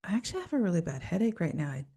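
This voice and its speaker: A woman's voice: on the low side, sing-song, racing, warm tone, slightly rough, full character voice. A woman voicing a chatty office-worker client who rambles and overshares about her aches.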